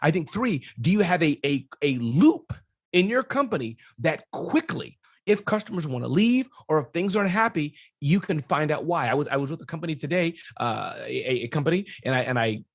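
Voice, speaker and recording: A middle-aged man, an entrepreneur guest, talking business advice in an energetic, emphatic way and ticking off numbered points. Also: fairly high pitch, normal speed. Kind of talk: casual business interview.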